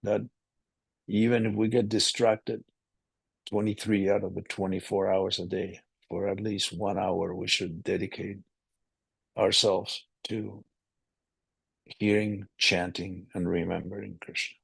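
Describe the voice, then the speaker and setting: A man giving a scripture class over a video call, reading and explaining in a slow, measured way. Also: sits low, level tone, gravelly, a bit bright, slightly rough, dry recording.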